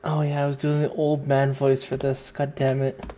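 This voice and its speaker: A man's voice: medium pitch, completely flat delivery, normal speed, dark tone, a little hiss or hum. A young man casually chatting while streaming a courtroom game, rambling and laughing often.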